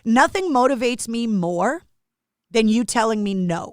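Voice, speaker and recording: A woman's voice: fairly high pitch, animated, no room sound, clean studio sound. A woman hosting a podcast interview, wry and teasing in her chat. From Boston area. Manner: wry, teasing, quick retorts. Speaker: podcast host. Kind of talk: conversational interview.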